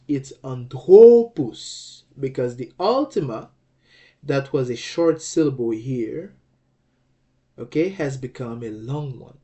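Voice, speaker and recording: A man teaching a language lesson, explaining rules slowly and deliberately, often repeating phrases and checking in with the listener. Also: mid-range voice, mellow.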